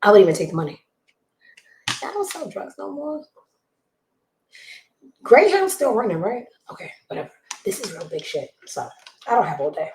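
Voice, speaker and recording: A woman's voice: medium pitch, sing-song, moderate pace, long pauses, a little hiss or hum. Blunt woman gossip host, roomy sound. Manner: blunt, judgmental, swings between loud outbursts and hushed asides. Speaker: show host. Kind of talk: casual gossip commentary. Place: home room with a child nearby. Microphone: desk mic.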